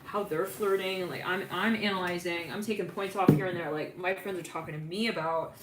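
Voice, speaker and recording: A woman's voice: on the low side, steady tone, fairly quick, reverberant, very noisy. Rambling, giggly woman reading tarot. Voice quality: giggly, rambling with many fillers. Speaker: tarot reader. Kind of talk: casual intuitive reading.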